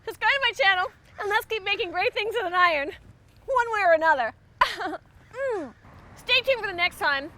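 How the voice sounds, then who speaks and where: A woman with a very high, bright, sharp voice hosts a comedy cooking show. She talks theatrically and spins small mishaps into melodramatic rants. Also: animated, moderate pace. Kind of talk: mock-dramatic comedy cooking monologue.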